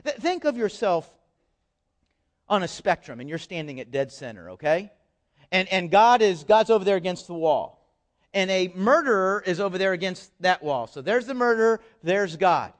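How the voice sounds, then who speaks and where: A male pastor preaching a sermon with an animated manner, often repeating words and dropping joking asides. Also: high-pitched, normal speed.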